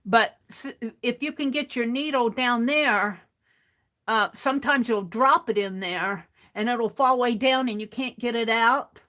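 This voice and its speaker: A woman with a rather high, sharp-toned voice speaks unhurriedly. She hosts a craft livestream and rambles through cleaning a paint bottle, repeatedly restarting sentences while her hands are occupied.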